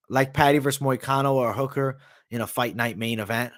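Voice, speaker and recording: A man's voice: medium pitch, fairly even intonation, fairly quick, fairly bright tone. A man hosting a live MMA stream, reading viewer comments aloud and talking loosely with slang and swearing, sometimes with his mouth full. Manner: talks while eating. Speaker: MMA analyst and livestream host. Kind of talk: casual livestream chat.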